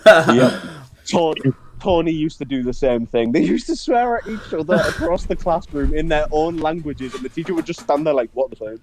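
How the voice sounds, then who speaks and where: A man's voice: a little high, lively intonation, normal speed, a little hiss or hum, low-quality recording. A young man, co-hosting a podcast and telling a funny story in casual chat, laughing often. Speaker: podcast co-host.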